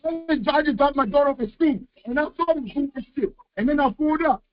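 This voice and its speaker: Very high-pitched man shouting in a lo-fi clip. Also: fairly quick. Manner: shouting, confrontational. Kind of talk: heated street confrontation in a played clip. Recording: muffled lo-fi clip audio.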